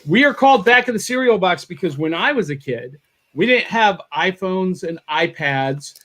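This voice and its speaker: A man hosts a casual morning podcast over a video call. His voice is high for a man, and he sounds upbeat and excitable. He often says the same phrase twice as he talks. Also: moderate pace. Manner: upbeat and excitable, repeats himself. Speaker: podcast host. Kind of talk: casual chat.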